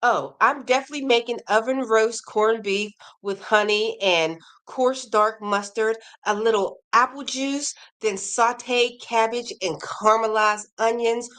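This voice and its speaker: A woman hosting a casual crochet livestream, chatting and reading viewer comments aloud with animated reactions. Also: a little high, unhurried.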